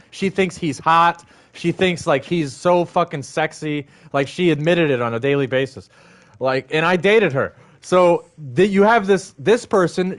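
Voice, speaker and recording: A man rants heatedly into his stream, swearing often and circling back to the same points. His voice sits a little high for a man. He keeps the same worked-up tone throughout. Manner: heated, profane, repetitive. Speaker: livestream host. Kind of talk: angry ranting monologue.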